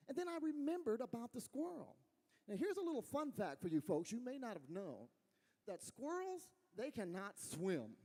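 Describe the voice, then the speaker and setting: A man with a West Texas accent doing folksy, animated stand-up storytelling on a fair stage. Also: very high voice, normal speed, long reverb tail. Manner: animated storytelling, folksy, laughs at own jokes. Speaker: stand-up comedian. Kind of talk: stand-up comedy.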